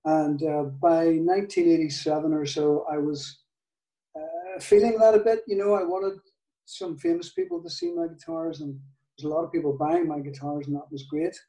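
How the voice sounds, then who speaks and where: An older man with a Northern Irish accent, telling a story in an interview, halting, with many restarts and soft laughs. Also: a little high, expressive, vocal fry, distant mic. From Northern Ireland. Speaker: guitar maker, guest. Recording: echoey room, off-mic.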